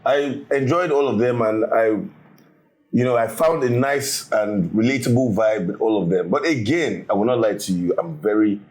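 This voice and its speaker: A man's voice: fairly low pitch, normal speed, darkish tone. A man chatting candidly on a panel, joking and laughing between lines. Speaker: panel cast member. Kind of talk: casual panel chat.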